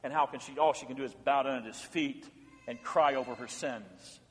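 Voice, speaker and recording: A man preaching a sermon, swinging between loud pleading questions and hushed, low passages. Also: moderate pace, long reverb tail. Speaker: pastor. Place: church sanctuary.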